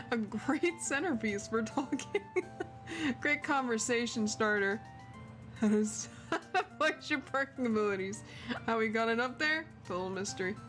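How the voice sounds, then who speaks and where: A giggly woman streamer chatting through a game playthrough, laughing between remarks. Her voice sits a little high and her pace is slow, with faint music in the background. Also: a bit bright.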